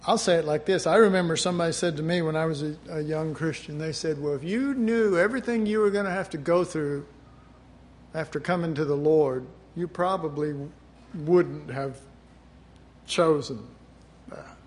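A man's voice: a little high, normal speed. A middle-aged man preaching a sermon in a conversational way, often acting out the voices he quotes.

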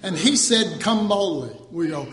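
A man's voice: high-pitched, animated, a little slow, fairly bright tone, roomy sound. A man preaching an informal sermon in a conversational, joking way, correcting himself as he goes and acting out mock quotes.

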